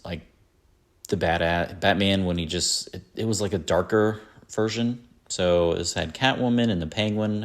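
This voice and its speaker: A man hosting a podcast, chatting casually in a rambling way, with many fillers and self-corrections. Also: deep voice. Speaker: podcast host. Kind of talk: casual chat.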